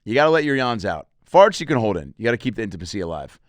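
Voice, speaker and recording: A man's voice: on the low side, sing-song, rapid-fire, no echo, clean studio sound. A man, a comedian and podcast host, talking in a rambling, crude, joking way while plugging his shows. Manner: rambling and crude, with self-promotion and jokey asides. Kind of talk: casual podcast monologue.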